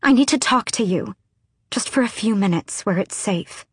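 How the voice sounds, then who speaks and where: A woman's voice: medium pitch, measured pace, slightly rough, dry recording, clean studio sound, voice pushed up. Desperate young courtesan, read by a woman narrator, pleading and urgent.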